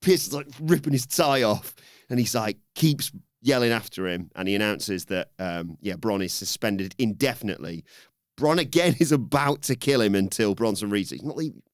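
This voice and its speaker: A man co-hosting a podcast, recapping a wrestling show in an animated way and acting out the lines in raised voices. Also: on the low side, normal speed, dry recording, clean studio sound. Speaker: podcast co-host.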